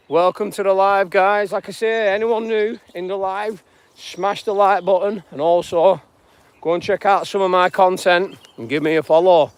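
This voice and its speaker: A man talks on a morning live stream while walking through open fields. His voice sits a bit high for a man and sounds dry and close to the phone. He drifts easily between greeting viewers and spiritual musings. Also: steady tone, measured pace, clear, resonant tone, dry recording. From northwest England. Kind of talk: rambling live walk-and-talk.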